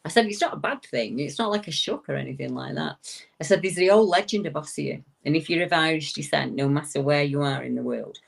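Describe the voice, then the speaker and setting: A woman telling a long story in a casual, lively way. She leaps up into a high voice whenever she quotes someone, and she often restarts a sentence partway through. She sounds like a guest chatting on a talk show. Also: brisk, creaky. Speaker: guest paranormal investigator.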